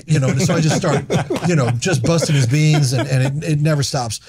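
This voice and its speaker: Animated middle-aged male storyteller. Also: medium pitch, fast, slightly rough. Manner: animated, acts out lines in loud put-on voices. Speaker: actor and comedian guest. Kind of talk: casual storytelling chat.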